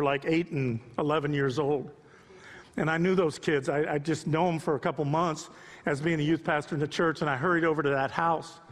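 A man in his sixties preaching a sermon off the cuff, moving from quiet storytelling to impassioned rising appeals. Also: fairly high pitch, big-room sound. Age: 60s. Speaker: pastor.

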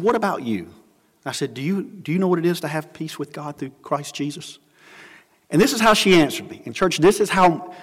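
A man preaching a sermon as pastor, earnest, dropping low and soft for scripture and stories. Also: long reverb tail. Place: church sanctuary.

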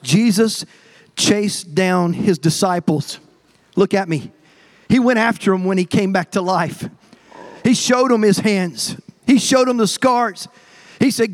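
A male pastor preaching a sermon to his congregation, emphatic and repetitive, often calling out directly to the people in front of him. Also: high voice. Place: church service before a congregation.

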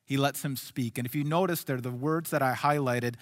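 A male pastor preaching a sermon in an earnest way, dropping to soft, hushed lines and then rising to emphatic ones. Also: mid-range voice, brisk, long reverb tail.

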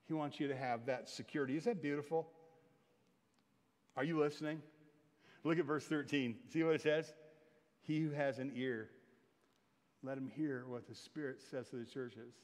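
A man preaching a sermon in earnest, building louder and higher at the climaxes. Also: steady tone, moderate pace. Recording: long hall reverb.

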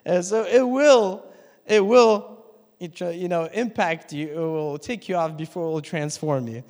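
A pastor preaches a sermon in an easy, chatty style, with little laughs and asides to the congregation. His voice sits a bit higher than most men's and is unhurried and a little mellow. It carries with the long reverb of a church hall.

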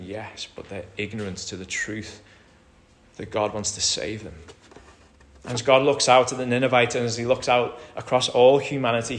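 A man preaching a sermon, explaining a passage verse by verse and acting out the quoted lines with big swings in loudness. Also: medium pitch.

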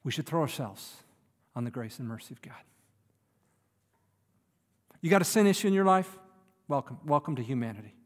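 A man preaching a sermon, swinging from loud emphatic lines to soft, near-whispered ones. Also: medium pitch, expressive, moderate pace, long pauses. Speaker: pastor. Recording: long hall reverb.

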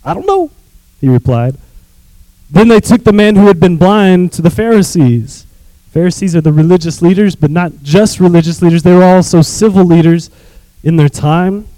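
A man preaching as a youth pastor, reading scripture with animated asides and calling on the congregation to repeat phrases. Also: high-pitched, normal speed, no room sound, low-quality recording.

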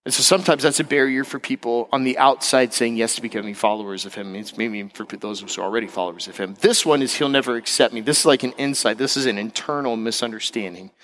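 A middle-aged male pastor preaching a sermon, animated, acting out other people's voices and jumping high in pitch when excited. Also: fast talker, hardly any pauses.

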